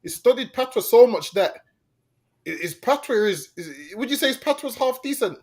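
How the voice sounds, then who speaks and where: A man's voice: very high-pitched, very animated, moderate pace, slightly rough. A man co-hosting a podcast in casual chat, mocking and slangy, often laughing and tagging lines with "man". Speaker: podcast co-host.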